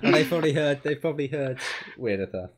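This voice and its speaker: A man's voice: a little high, expressive, fast talker. Playful British man on a game stream. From United Kingdom. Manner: playful, goofy. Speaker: gamer on a livestream. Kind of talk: casual chat while gaming.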